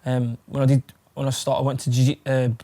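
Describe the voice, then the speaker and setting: A man's voice: mid-range voice, monotone, fast, dark tone. A young man from England, chatting casually in an interview, rambling with plenty of fillers and swearing. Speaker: fighter.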